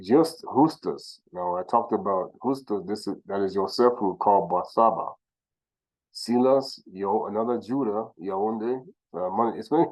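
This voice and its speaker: A man giving informal religious teaching who sounds out names slowly, corrects himself, and asks rhetorical questions. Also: lowish voice, poor audio. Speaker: teacher of scripture.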